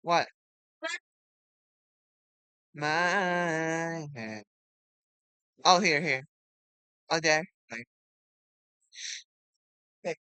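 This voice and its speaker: A man giving casual gameplay commentary, excitable, repeating the same exclamations and breaking into loud shouts. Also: on the high side, drawn-out words, long pauses, smooth, no room sound. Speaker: gamer.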